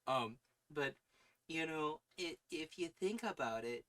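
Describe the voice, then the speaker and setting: A man's voice: on the high side, expressive, takes it slowly, fairly bright tone. A young man with a Long Island accent, hosting a casual livestream, laughing often while trying out accents. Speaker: podcast host.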